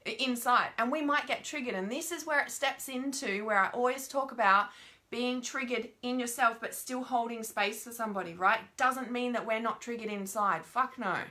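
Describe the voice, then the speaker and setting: A young woman giving an informal spiritual teaching talk, frank and animated, swearing often and checking in with her listeners. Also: fairly high pitch, moderate pace.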